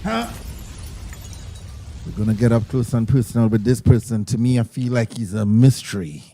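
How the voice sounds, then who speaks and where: A man with a Trinidadian accent hosting a podcast in casual chat, excitable and quick to laugh and interrupt. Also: mid-range voice, slight background noise. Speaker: podcast host.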